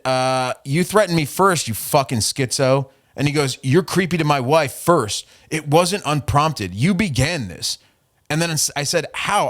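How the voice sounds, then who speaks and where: A man's voice: fairly high pitch, fairly bright tone. Profane mocking male podcast host. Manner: profane, mocking, reading out messages. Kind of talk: casual podcast rant.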